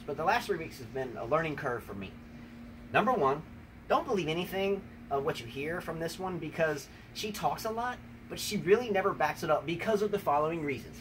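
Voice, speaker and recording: Lively, high-voiced teasing American man. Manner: teasing, rambling, repeats "number one, okay?". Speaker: tennis show host. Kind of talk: playful trash talk to his wife. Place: outdoors on a rainy day. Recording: distant mic with faint ambient noise.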